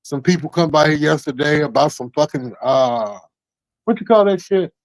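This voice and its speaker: A man's voice: a little high, animated, moderate pace, no echo, low-quality recording. A man on a call-in talk show telling a long story in a heated, profane, rambling way. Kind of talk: casual call-in chat.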